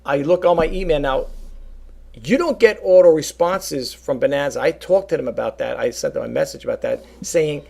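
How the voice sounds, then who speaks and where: A man talking casually to his viewers about reselling, rambling and animated, often calling them folks. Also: fairly high pitch, normal speed, creaky, husky. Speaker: reseller vlogger. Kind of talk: casual talk to camera.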